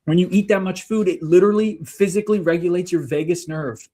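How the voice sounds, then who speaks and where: A man co-hosting a livestream, telling spiritual stories in an animated way that swings between loud and soft. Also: high-pitched, fast. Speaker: livestream co-host. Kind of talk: spiritual casual chat.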